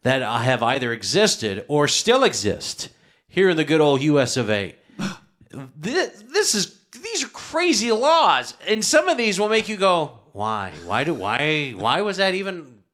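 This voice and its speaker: A man co-hosting a podcast, chatting casually in a crude, excitable way. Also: fairly high pitch, unhurried. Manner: crude, loud, excitable banter. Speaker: podcast co-host. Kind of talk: casual chat.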